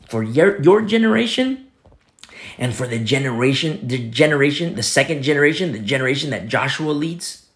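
A man preaching a sermon, acting out quoted speakers with sudden swings between loud, high calls and low, hushed asides. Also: lively intonation, unhurried. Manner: dramatic, voicing quoted speakers with big swings in pitch and loudness. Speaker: pastor.

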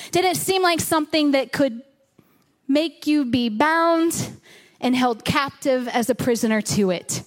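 Woman pastor with a high voice, telling a story in her sermon, says things over for emphasis. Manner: storytelling, repeats phrases for emphasis. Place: church in front of a congregation.

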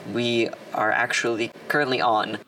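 A man narrating as the storyteller of a tabletop game, briskly steering the players. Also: mid-range voice, flat delivery, pushed and bright. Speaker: game master. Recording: distant mic with faint noise.

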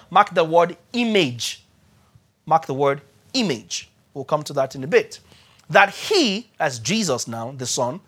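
A man preaching a sermon, repeating key words for emphasis and spelling out terms slowly. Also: fairly high pitch, a bit bright.

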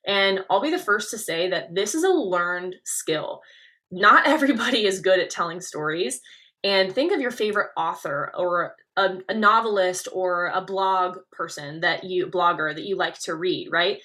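A young woman from Nebraska hosting a coaching podcast, talking in an energetic, leaning-in way with emphatic stresses. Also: on the low side, moderate pace. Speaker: podcast host and pageant coach.

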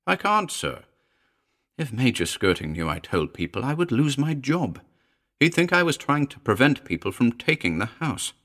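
A man's voice: mid-range voice, sing-song, moderate pace, a bit bright, voice pushed up. A man voicing a nervous middle-aged housekeeper who speaks jerkily and reluctantly in a ghost story reading. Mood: fearful. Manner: jerky, uneasy, pleading.

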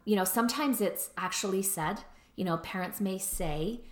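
A woman's voice: medium pitch, normal speed, roomy sound. A middle-aged woman therapist who explains in a casual lecture, often checking in with "right?" and "like". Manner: conversational, explains with frequent "right?" and "like".

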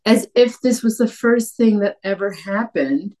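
A woman author from Cape Breton, talking in an interview in an animated way with many restarts and acted-out quotes. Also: mid-range voice, measured pace. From Cape Breton, Canada. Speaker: author guest. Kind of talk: conversational interview.

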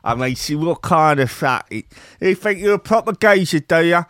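A man's voice: on the high side, animated, normal speed, no echo, studio quality. A man doing a comedic impression of a boastful, swearing Cockney geezer with a Cockney accent. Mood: aggressive. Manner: loud, crude, swaggering, lots of swearing.

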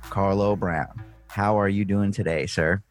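A man's voice: lowish voice, fairly even intonation, unhurried, soft background music. A man hosting a podcast, teasing and lecturing his co-host in casual street slang.

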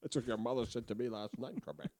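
A man's voice: mid-range voice, lively intonation, quick pace, dark tone, close to an everyday voice. A man doing a smug star. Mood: smug leering. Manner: smug, innuendo-laden, drawling. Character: impression of a famous Scottish actor, cocky, lewd.

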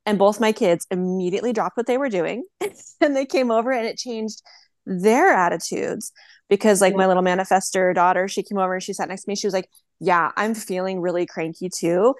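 A woman's voice: mid-range voice, brisk, no room sound. A woman podcast host chats casually and tells stories with energy, acting out the voices of others. Her voice is dry and close, with no room sound. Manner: animated storyteller, acts out quotes. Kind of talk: casual chat.

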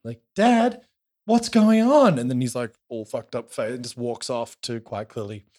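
A man's voice: mid-range voice, normal speed, dry recording, clean studio sound. A man from Australia casually recapping a show as podcast co-host, telling it with energy and swearing. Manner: animated storytelling with swearing.

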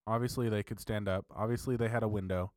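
A man with a somewhat low voice co-hosts a casual podcast, pressing his points emphatically and swearing freely. His talk is argumentative but relaxed among friends. The recording is dry, with no room sound. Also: fast talker, dry recording. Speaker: podcast co-host. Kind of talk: casual chat.

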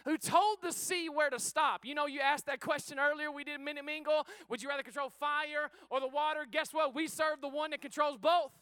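A man preaching to his congregation with a high, bright, forceful voice. He moves between easygoing, joking talk and rousing calls for praise. The sound is close and dry. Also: a little fast, hardly any pauses, no room sound. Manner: energetic, exhorting the congregation; casual and joking, says he is sweating. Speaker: pastor. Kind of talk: sermon. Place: church sanctuary before a congregation.

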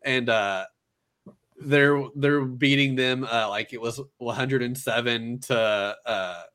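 A man's voice: mid-range voice, slow pace, fairly bright tone. Chatty man rambling through a recap. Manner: rambling retelling, filler-heavy, many restarts. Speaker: podcast co-host. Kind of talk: casual anime recap chat.

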